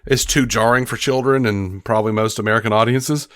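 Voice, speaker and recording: A man's voice: mid-range voice, fairly quick, no room sound, studio quality. A man co-hosting a podcast, chatting casually about a movie, swearing freely and acting out lines from scenes. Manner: animated, profane, acts out movie lines. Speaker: podcast co-host. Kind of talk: casual film-review chat.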